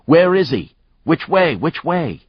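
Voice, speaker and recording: Guy doing a scared patrol cop, jittery, deep husky voice. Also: lively intonation, unhurried, no echo, lo-fi sound. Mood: nervous. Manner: jittery, anxious. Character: nervous male uniformed cop with glasses. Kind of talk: audiobook narration.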